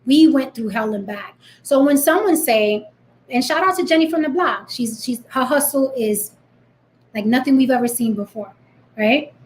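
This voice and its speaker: Bronx-raised woman in her thirties with a New York accent, a fairly high voice and a blunt, defiant vlog delivery. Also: lively intonation, normal speed. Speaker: vlogger. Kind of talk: direct-to-camera rant.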